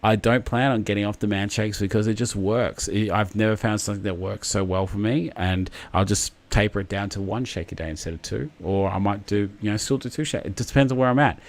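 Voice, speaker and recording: A man's voice: fairly low pitch, a little fast, hardly any pauses. A man hosting a livestream, chatting casually in a rambling, jokey way and reading out viewer comments. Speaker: livestream host.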